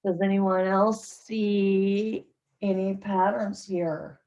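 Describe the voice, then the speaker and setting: A woman's voice: medium pitch, fairly even intonation, extremely slow, warm tone, low-quality recording. A woman teaching an English pronunciation lesson to a class, carefully modeling short sentences for learners to repeat.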